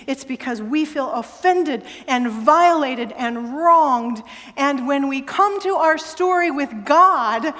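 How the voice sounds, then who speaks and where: A woman pastor preaching a sermon, telling a story with animated, emphatic exclamations. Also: high voice, big-room sound. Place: church sanctuary.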